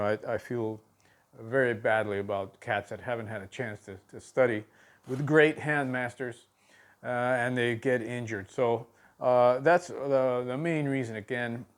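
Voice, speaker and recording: Male drum instructor, unhurried and halting, middle pitch, counts strokes aloud. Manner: halting, with many fillers and restarts, counting aloud. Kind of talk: video drum lesson.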